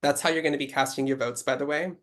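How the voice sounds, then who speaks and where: Brisk host of an online game. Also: medium pitch, fairly even intonation, a bit bright. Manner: brisk, businesslike rule-giving. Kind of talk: hosting an online game over video call. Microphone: video call.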